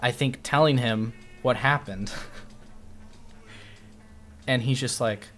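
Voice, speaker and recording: A man chatting casually on a stream, his voice sitting at an ordinary middle pitch. He rambles through a story with plenty of swearing and restarts, and turns lively and animated whenever he quotes someone. Faint music plays behind him. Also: slow, long pauses.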